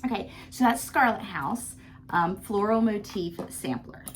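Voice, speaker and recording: A woman's voice: medium pitch, animated, unhurried, a little hiss or hum. A woman hosting her own craft vlog, chatting casually and gushing as she shows her work, with frequent ums. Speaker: vlog host. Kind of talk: casual show-and-tell chat.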